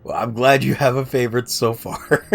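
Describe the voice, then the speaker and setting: A man's voice: mid-range voice, fairly even intonation, normal speed, gravelly, faint music behind. A man casually chatting on a game livestream, self-deprecating and answering viewers' chat. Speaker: game streamer.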